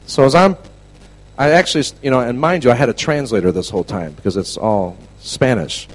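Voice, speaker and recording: A man preaching a storytelling sermon to a class, animated, dropping to a hush and then shouting. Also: medium pitch, brisk, low-quality recording. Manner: animated, swings from hushed to shouting.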